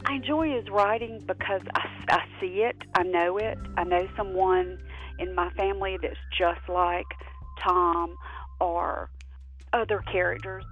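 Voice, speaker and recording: A woman from South Carolina telling a personal story in an earnest, halting way. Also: fairly low pitch, fairly even intonation, phone-quality sound, faint music behind. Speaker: guest.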